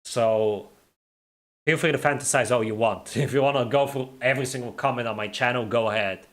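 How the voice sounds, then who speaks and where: A young man talking off the cuff on a live stream, answering chat with a mock-outraged, joking edge. His voice sits in an ordinary middle pitch. He laughs a lot and repeats words as he stumbles over his thoughts. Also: fairly quick, a bit bright. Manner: jokey, laughs often, teasing viewers.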